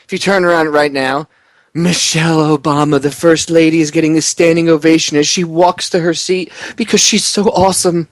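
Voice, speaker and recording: A man's voice: a little high, fairly even intonation, fairly quick, no echo. A male radio host giving sarcastic, mocking play-by-play commentary into a studio mic. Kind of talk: casual live commentary.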